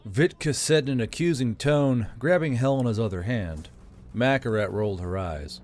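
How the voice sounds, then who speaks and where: Guy reading a story out loud, average pitch, steady and even. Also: moderate pace, a little hiss or hum. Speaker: audiobook narrator. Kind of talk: scripted story narration.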